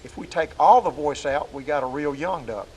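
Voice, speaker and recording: In the woods, a duck call instructor gives an outdoor hunting call lesson, folksy and plainspoken as he demonstrates the calls. His voice is a little high and darkish, at a normal speed, and the recording is rough.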